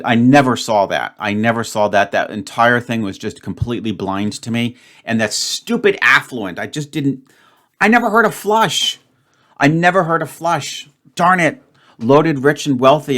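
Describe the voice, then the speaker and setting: A man with a medium-pitched, slightly bright voice comments alone on his puzzle channel as he solves a word game. He thinks out loud, grumbling and muttering to himself in frustration.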